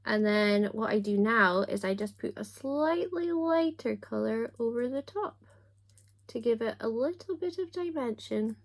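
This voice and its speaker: A young woman chats to her camera while doing her makeup. She keeps up a relaxed, self-deprecating patter, full of quick asides and jokes at her own expense. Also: fairly high pitch. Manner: chatty and self-mocking, with little asides. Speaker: book vlogger.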